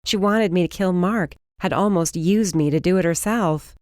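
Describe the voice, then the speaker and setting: A woman giving steady first-person narration of a fantasy audiobook. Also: lowish voice, normal speed, no room sound, studio quality.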